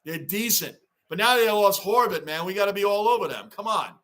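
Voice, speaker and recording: A man hosting a live sports reaction stream, rambling excitedly and reading fan chat aloud. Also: high voice, brisk. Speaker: livestream host.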